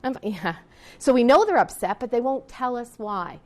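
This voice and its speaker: A middle-aged woman who teaches and counsels on etiquette tells her students a story from her teaching days, frequently restarting sentences and tossing asides to the class. Her voice is slightly high, expressive and darkish in tone, at a moderate pace.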